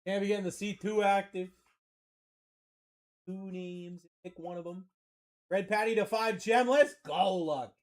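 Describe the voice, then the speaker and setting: A man from Maine with a Maine accent hosts a live card-breaking stream, calling pulls with energetic, slangy banter and shouting over big hits. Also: high voice, unhurried, pauses often. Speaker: card-breaking livestream host. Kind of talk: excited live sales commentary.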